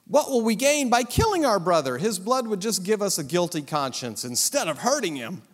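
Preacher doing calculating brother, persuasive, emphatic, high voice, hall echo. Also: male voice, sing-song, normal speed. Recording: long hall reverb.

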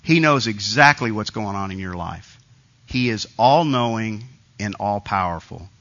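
A man's voice: on the low side, expressive, measured pace, a bit bright, muffled recording. A man preaching a sermon to a group of men, talking in a conversational but emphatic way and hammering home repeated phrases. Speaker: pastor.

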